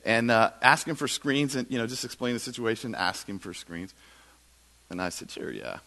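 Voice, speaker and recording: A man preaches in a church, spinning a self-mocking story. His voice swings widely in pitch and has a bright, forceful edge, and the delivery stays animated throughout. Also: moderate pace. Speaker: guest preacher. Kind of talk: sermon with storytelling.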